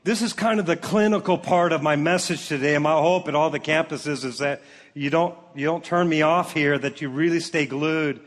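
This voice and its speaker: High-voiced preaching man, hall reverb. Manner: animated preaching, reads scripture slowly, jokes with congregation. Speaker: pastor. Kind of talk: sermon. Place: large church auditorium. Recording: long reverb of a large hall.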